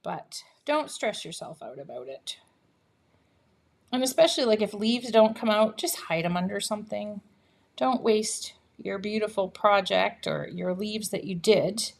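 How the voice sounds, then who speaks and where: A woman's voice: mid-range voice, animated, a little slow, gravelly. A woman hosting a live papercraft demonstration from her home craft room, chatty and upbeat, laughing often and cheering herself on. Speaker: papercraft host.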